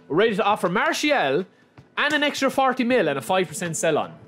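A young man giving chatty, excitable gameplay commentary, calling his viewers lads. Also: high voice, a little fast, faint music behind. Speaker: gaming YouTuber.

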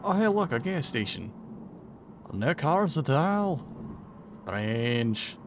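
A man plays through a horror game and talks to himself with wry, self-mocking jokes. His voice rises and falls a lot, and he takes his time. Loud game ambience rumbles under him. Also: sing-song, slow, noisy background. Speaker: gaming channel host.

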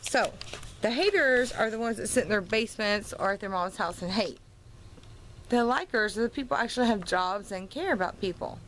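A woman's voice: mid-range voice, lively intonation, fairly quick, fairly bright tone, slight background noise, poor audio. A woman vlogging at home and in her yard, tipsy and slightly slurred from wine, rambling and venting her frustration. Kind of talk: casual vlog monologue.

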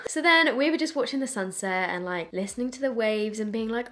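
Chatty young woman with a lively voice. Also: a little high, fairly quick, hardly any pauses. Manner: chatty, animated, lots of "like". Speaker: beauty vlogger. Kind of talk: casual storytelling while doing makeup.

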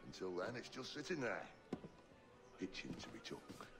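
A gruff pirate captain sneers through a low, gravelly voice. He swaggers and speaks bluntly with open scorn. Loud game music swells under every line of the cutscene. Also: very animated, normal speed. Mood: scornful. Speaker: game character. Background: loud score.

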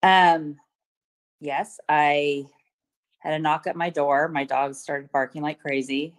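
A middle-aged woman testifying at a court hearing over a video call, retelling events hesitantly with many pauses and ums. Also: low-pitched, steady tone. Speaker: witness testifying at a protective order hearing.

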